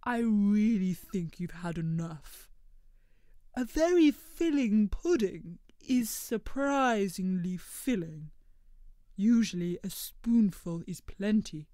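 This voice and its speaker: A woman voicing a calm, polite creature who makes puddings, speaking in a slow and measured, proper way. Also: medium pitch, dry recording, clean studio sound. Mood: concerned. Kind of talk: storybook character reading.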